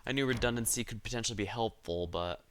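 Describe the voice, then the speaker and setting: A man streaming a video game, thinking aloud in a relaxed, musing way as he plays. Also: lowish voice, fast. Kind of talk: live gameplay commentary.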